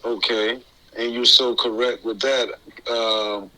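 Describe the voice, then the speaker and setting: A man's voice: medium pitch, level tone, slow, bright, forceful tone, poor audio. A man as an interview guest, talking casually in a loose, rambling way with many restarts and bits of slang. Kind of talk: casual conversation.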